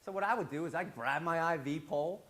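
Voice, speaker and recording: A man telling an animated story on stage in a large, very echoey hall. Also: fairly high pitch, fast. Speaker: public speaker. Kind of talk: storytelling talk. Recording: very echoey hall, faint ambience.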